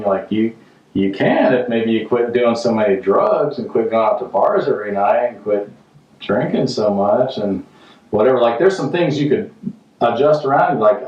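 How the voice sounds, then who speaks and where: A man on a home renovation job site, chatting casually and rambling through deadpan, self-mocking jokes. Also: mid-range voice, normal speed. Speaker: contractor and vlog host. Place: house under renovation, indoors. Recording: roomy, distant, dull sound.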